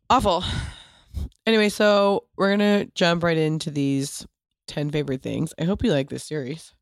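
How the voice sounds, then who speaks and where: A woman's voice: low-pitched, gravelly, no echo, studio quality. A woman hosting a podcast in casual, rambling chat, full of "like" fillers and the odd swear word. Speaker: podcast host.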